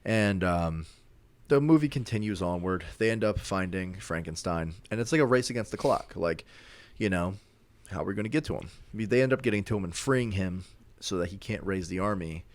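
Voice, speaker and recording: Young male podcaster, very low voice, casual rambling plot recap. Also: animated, fairly quick. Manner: rambling, many filler words. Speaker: podcast co-host.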